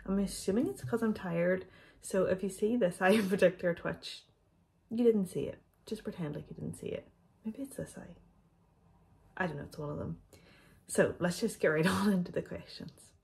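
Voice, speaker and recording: A woman's voice: on the low side, moderate pace, creaky, a little mellow. A woman, chatting casually to camera as she answers viewer questions, a bit out of breath and sprinkling in ums. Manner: chatty, loose, frequent ums. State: slightly out of breath. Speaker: vlogger.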